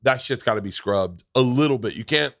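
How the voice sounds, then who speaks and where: A man's voice: mid-range voice, brisk, vocal fry, no echo, clean studio sound. A man hosting a podcast in casual chat, telling stories with lots of swearing and acting out the people in them. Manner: animated storyteller, swears a lot, acts out voices in anecdotes. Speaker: podcast host.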